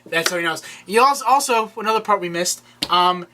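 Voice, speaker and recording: A young man co-hosting a casual podcast, recapping a TV episode in an animated way and acting out quotes. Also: sits high, brisk, noisy background. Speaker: podcast co-host.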